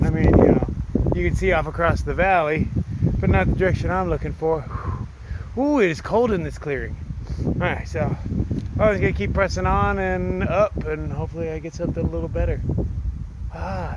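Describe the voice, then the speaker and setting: In a very noisy recording, a solo thru-hiker with a fairly high voice chats to camera on a wooded mountain path. He's somewhat out of breath and tells stories casually, swearing freely and poking fun at himself.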